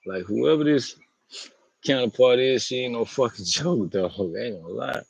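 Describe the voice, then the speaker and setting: A man's voice: medium pitch, lively intonation, normal speed, gravelly, breathy edge, no echo, poor audio. A man talking to camera outdoors in a loose, rambling monologue, slangy and profane, often laughing. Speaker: vlogger.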